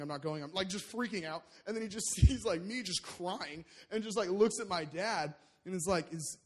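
High-voiced man telling a sermon story. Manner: animated storytelling, many fillers and restarts. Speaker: preacher.

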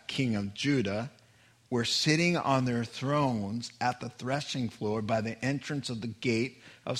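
A man preaching a sermon, telling stories with animated quoted voices and frequent laughter. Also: mid-range voice. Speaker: pastor.

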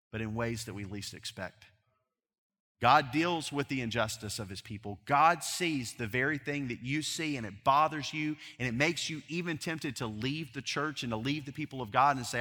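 A man preaching a sermon with passion, swelling loud on key words and dropping low and quiet on others. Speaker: pastor. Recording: long hall reverb.

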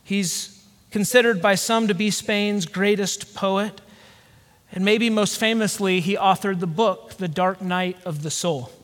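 Man, pastor, sermon, earnest and reflective, slow pauses, from the American South, long hall reverb. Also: high voice, a bit bright. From Georgia, USA.

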